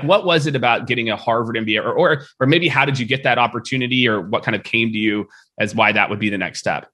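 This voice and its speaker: A man's voice: mid-range voice, bright, forceful tone. A man hosting a podcast, asking long, rambling questions in a friendly, casual way. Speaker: podcast host. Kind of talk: casual interview.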